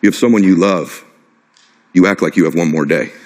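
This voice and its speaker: In a hall with long reverb, a middle-aged motivational speaker delivers a passionate, personal talk from the stage, hammering his message through brief repeated phrases. He speaks fairly quickly in a deep voice.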